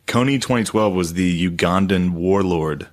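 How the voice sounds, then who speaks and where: This young man co-hosts a comedy podcast, and his deep voice moves at a normal speed. He rambles through profane stories in casual comedic chat, using plenty of filler words.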